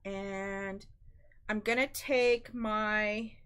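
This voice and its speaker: A woman's voice: medium pitch, steady tone, very slow, a bit bright, clear, resonant tone. A woman hosting a live-stream craft demonstration, chatty and instructive, often calling her viewers "guys.".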